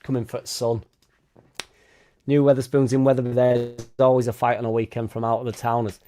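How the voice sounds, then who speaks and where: A man's voice: medium pitch, little pitch movement, brisk, warm tone. A man hosting a casual live stream, reading out chat and swearing freely as he talks. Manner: swears freely, chatty, tag questions like innit. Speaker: fan channel host reading live chat.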